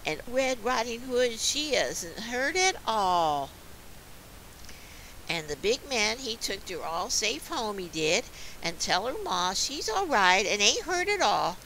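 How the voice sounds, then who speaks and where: A woman reads a dialect story poem aloud with a folksy, childlike lilt. Her voice is bright and her pitch moves a lot. She takes her time over every line. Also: big pitch swings, slow, slight background noise. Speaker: reader.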